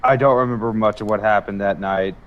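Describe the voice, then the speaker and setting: A hungover adventurer, as a player puts him on, rambling apologetically in a lowish voice. He sounds sheepish. The audio is dull and lo-fi, like online voice chat. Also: steady tone, brisk, close to an everyday voice.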